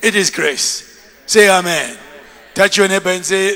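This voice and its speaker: A man preaching a lively sermon as bishop, shouting and laughing, having the congregation repeat after him. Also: high-pitched, measured pace. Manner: animated, shouting, with bursts of laughter. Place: large church hall. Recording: long reverb of a church hall.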